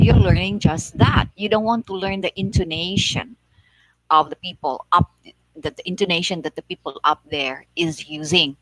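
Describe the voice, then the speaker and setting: A Filipino woman vlogging casually, speaking slowly and expressively and acting out example phrases in a sing-song voice. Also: lowish voice, a bit bright, dry recording, rough recording. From Philippines. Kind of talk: casual explanatory vlog.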